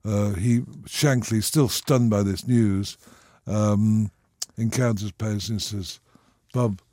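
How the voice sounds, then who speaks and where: A man's voice: fairly low pitch, fairly even intonation, slow pace, dark tone, dry recording, clean studio sound. Rambling older man telling anecdotes. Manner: rambling, with frequent restarts. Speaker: radio guest. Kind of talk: anecdotal storytelling.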